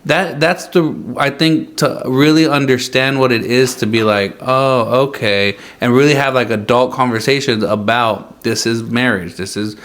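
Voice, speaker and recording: A man's voice: mid-range voice, fairly even intonation, moderate pace, few pauses, a bit bright. A man who is a guest on a podcast, talking in casual chat that rambles with many fillers and jokes.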